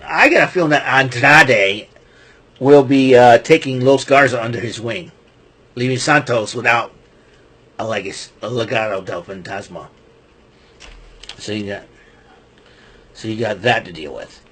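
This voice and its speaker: A man giving a rambling, casual wrestling recap, chuckling often and filling pauses with ums and restarts. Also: mid-range voice, a bit bright, breathy edge.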